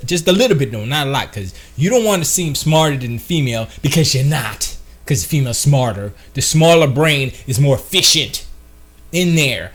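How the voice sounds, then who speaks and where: A man's voice: fairly high pitch, expressive, moderate pace, fairly bright tone. A man co-hosting a gaming podcast in casual comedic chat, joking around and acting out quotes in silly voices. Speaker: podcast co-host.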